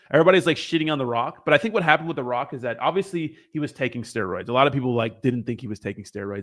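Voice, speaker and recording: A young man hosts a casual livestream and rambles loosely to his viewers. He swears freely, jokes with the chat, and drifts from topic to topic in an easygoing, unscripted way. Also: mid-range voice. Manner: rambling, profane, joking with chat. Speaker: crypto livestream host.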